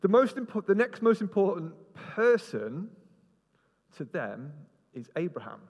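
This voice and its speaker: Speaking a little slowly in a high voice, a man delivers an interactive sermon, the large hall giving long reverb. Lively and joking, he banters with volunteers and guides them around the stage.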